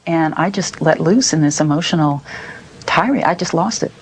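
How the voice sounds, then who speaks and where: A woman's voice: deep voice, moderate pace, husky, low-quality recording. A woman being interviewed, speaking emotionally. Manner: emotional, recalling distress.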